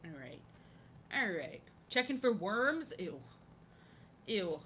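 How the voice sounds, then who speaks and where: A woman's voice: mid-range voice, very animated, slow pace, a bit bright, a little hiss or hum. A woman streaming as she draws, chatting casually in a rambling, jokey way and repeating her phrases. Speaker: live-streaming artist. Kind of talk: casual chat while drawing on stream.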